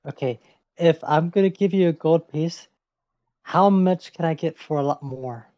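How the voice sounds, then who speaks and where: A player in a casual tabletop game, talking in a deadpan way. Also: medium pitch, moderate pace, no echo, muffled recording. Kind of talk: casual tabletop role-play.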